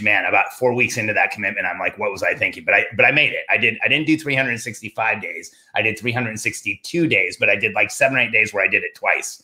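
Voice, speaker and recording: Bright-voiced man telling a lively story. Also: fairly low pitch. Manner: animated anecdote teller, quoting himself in rising voice. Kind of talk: casual storytelling.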